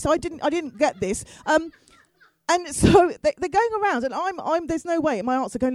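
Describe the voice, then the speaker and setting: A woman's voice: high-pitched, fairly quick, dry recording, low-quality recording. Woman, middle-aged, comic storyteller, chatty asides, dry close sound. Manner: chatty, self-mocking, animated, with asides to the crowd. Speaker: storyteller on stage.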